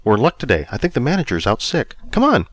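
A friendly, easygoing bakery worker, voiced by a male storyteller chats casually. The voice sits a little higher than the narration and is lively, with a dry, close sound. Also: quick pace, dry recording.

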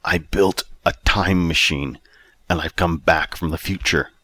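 A man's voice: low-pitched, fairly even intonation, unhurried, bright, forceful tone, breathy edge, no echo, heavily acted. A man reading an audiobook, voicing an impatient older man who sighs a lot and turns out to be the narrator's future self. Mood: gruff, impatient. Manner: sighing, impatient.

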